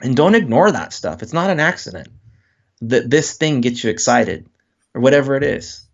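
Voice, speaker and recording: A man's voice: mid-range voice, moderate pace, vocal fry, dull audio. A man, a guest author, speaking in a casual interview and acting out quoted voices as he talks. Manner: animated, acts out quoted voices.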